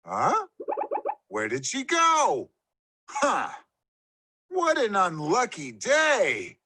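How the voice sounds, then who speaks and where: A performer voicing a hungry, slow and clumsy T-Rex that sighs and blusters, for a cartoon. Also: medium pitch, huge pitch swings, bright, forceful tone, slightly rough, full character voice. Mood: grumbling. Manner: blustering, sighing, boastful. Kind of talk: cartoon voice acting. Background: music.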